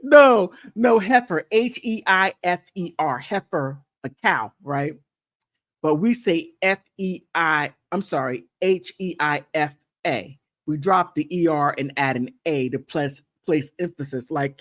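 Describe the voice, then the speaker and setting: A woman hosting a casual livestream, chatting playfully and thanking viewers, with high laughs and quiet, sincere asides. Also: expressive, measured pace, no room sound, clean studio sound. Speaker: content creator hosting a livestream. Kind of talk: casual livestream chat reacting to gossip and viewer comments.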